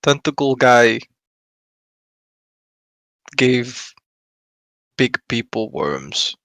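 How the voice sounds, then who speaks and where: A man playing a tabletop game, talking in a deadpan, clipped way. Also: medium pitch, drawn-out words, no room sound. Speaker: player. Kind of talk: casual tabletop chat.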